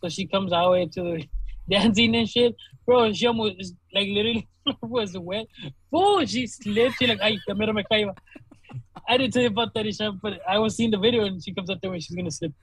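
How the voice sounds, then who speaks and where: Young dude w/ a high raspy voice, swearing, animated story, dry close sound. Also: male voice, fast, no room sound, poor audio. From Laredo, Texas. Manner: animated, swears a lot, laughs while telling stories. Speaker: DJ and podcast co-host. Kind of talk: casual storytelling chat.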